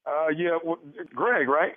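A man's voice: a little high, animated, no room sound. Sly male prank caller on phone. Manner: teasing, sly, drawn-out delivery. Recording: tinny phone line, dry.

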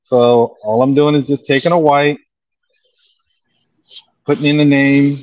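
An unhurried man talks through his airbrush work as he goes, pausing often with ums. His voice sounds dull and muffled. The room gives back almost no echo. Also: medium pitch, level tone, darkish tone. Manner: slow, easygoing, lots of ums. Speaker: airbrush artist. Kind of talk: demonstrating while explaining.

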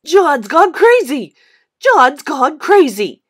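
A woman voicing a mean, sly schoolboy bully in a storybook reading, yelling and sneering. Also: very high-pitched, lively intonation, normal speed, pitched above the performer's own voice. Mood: jeering.

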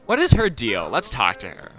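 A man's voice: mid-range voice, huge pitch swings, moderate pace, a bit bright, soft background music. A young man casually chatting and rambling to himself as he plays a video game, as a gaming streamer. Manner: chatty, rambling, self-talking while playing. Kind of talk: casual let's-play commentary.

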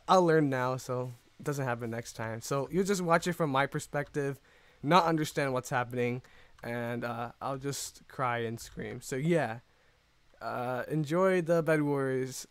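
A man giving casual, rambling commentary over his own gameplay, excitable and quick to mock his own mistakes. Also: medium pitch, smooth, no echo. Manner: excitable, self-mocking, rambling. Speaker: gaming YouTuber.

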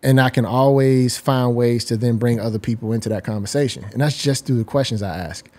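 A man's voice: medium pitch, brisk, mellow. Articulate man explaining his ideas. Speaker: guest designer. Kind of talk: reflective interview talk.

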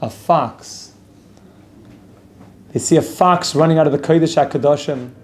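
A man's voice: a little high, measured pace, a little mellow, a little hiss or hum. A man teaching an outdoor Torah class as a rabbi. He tells stories with energy and repeats phrases for emphasis. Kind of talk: spoken Torah lesson with storytelling. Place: outdoors at a lookout over a city.

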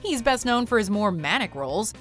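A woman's voice: medium pitch, brisk, faint music behind. A woman narrating a countdown video in an upbeat scripted style. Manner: upbeat, lively list presenting.

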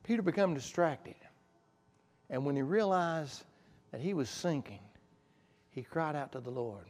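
A male pastor preaching a sermon in a church sanctuary, emphatic and repetitive, dropping to quiet asides. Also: on the high side, expressive, a little slow. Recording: long church reverb.

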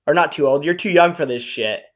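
A man's voice: a little high, fairly quick. A man, a YouTuber, ranting in a vlog, cursing and sarcastic, rambling with restarts. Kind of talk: profane angry rant vlog.

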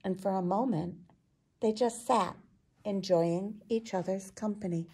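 A woman reading a children's picture book aloud, expressive and unhurried. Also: medium pitch, breathy edge. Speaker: children's storyteller.

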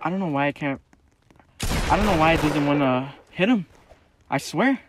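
A man giving casual gameplay commentary to his viewers, excitable and slangy, swinging between mumbled asides and sudden yells. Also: fairly high pitch, normal speed, noisy background. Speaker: mobile game streamer.

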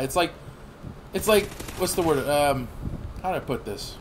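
A man in his thirties giving rambling, profane gameplay commentary with sudden excited outbursts. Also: fairly high pitch, moderate pace, slight background noise. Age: 30s. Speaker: gaming channel host.

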